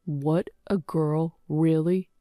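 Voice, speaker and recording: A woman's voice: deep voice, steady tone, takes it slowly, warm tone, dry recording, studio quality. A woman voicing a cold, dismissive husband who wants a son, with a curt and scornful delivery in a storybook narration. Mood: contemptuous.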